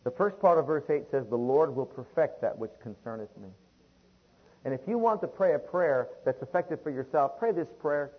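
A man's voice: a little high, lively intonation, moderate pace, slightly rough, highs cut off. A man preaching a sermon, reading long scripture passages aloud and calling out to his listeners. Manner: reads scripture in King James wording, calls listeners beloved.

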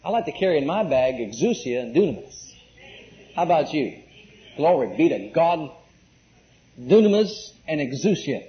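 Animated high-pitched male preacher. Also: moderate pace. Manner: emphatic, call-and-response questions to the congregation. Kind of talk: sermon. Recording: muffled lo-fi recording.

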